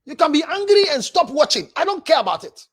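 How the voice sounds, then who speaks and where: A man's voice: very high-pitched, very animated, fast. A man with a Ghanaian accent, a counselor hosting a livestream, animatedly scolding while reading viewer messages aloud. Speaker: counselor and show host.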